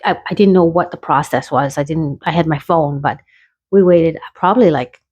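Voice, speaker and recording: A woman's voice: low voice, normal speed, darkish tone, husky, no room sound, muffled recording. A woman from Canada telling a rambling personal story in a chatty, casual way, with many restarts.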